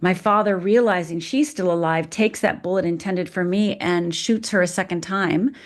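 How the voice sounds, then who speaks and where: A woman's voice: fairly low pitch, moderate pace. Frank middle-aged woman telling her story. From Upper Michigan, USA. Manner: frank, vivid storytelling with shifting pace. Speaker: guest, fear expert. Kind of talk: personal storytelling in a podcast interview.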